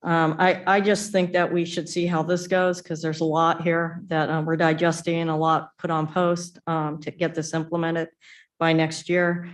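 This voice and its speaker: A woman's voice: low voice, little pitch movement, normal speed. A woman speaking as a commission member in a meeting, hesitant, with many ums. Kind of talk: meeting discussion.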